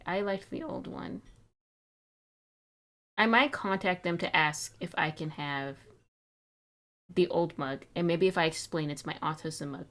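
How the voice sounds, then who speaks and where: A woman's voice: lowish voice, fairly bright tone. A young woman streaming live, chatting casually and fretting aloud in a rambling, wistful way, sounding a little sick.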